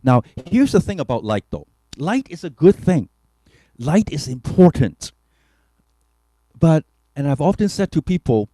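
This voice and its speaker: A man's voice: medium pitch, dark tone, dry recording. A man, a pastor giving an earnest, reflective testimony talk with hesitant fillers. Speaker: pastor and keynote speaker.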